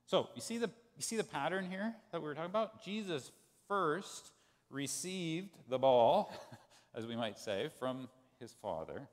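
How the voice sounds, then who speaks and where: A man preaching a sermon as pastor, telling a story in an animated way and acting out the quoted voices. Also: a little high, a little slow. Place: church sanctuary. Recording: long church hall reverb.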